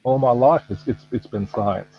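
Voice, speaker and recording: A man in his fifties with an Australian accent, chatting as a guest in a relaxed, self-deprecating way. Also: mid-range voice, moderate pace, vocal fry, muffled recording, a little hiss or hum. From United States. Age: 50s. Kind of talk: casual chat. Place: home at night.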